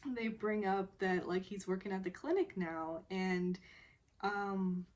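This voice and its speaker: A woman's voice: mid-range voice, steady tone, slow, a little mellow. A woman casually recapping a television drama episode, rambling with many fillers and often breaking into laughter.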